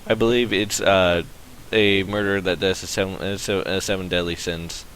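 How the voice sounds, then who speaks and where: A man hosting a casual podcast roundtable, relaxed and hesitant, with many filler sounds. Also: low-pitched, normal speed, a little hiss or hum, rough recording. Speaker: podcast host.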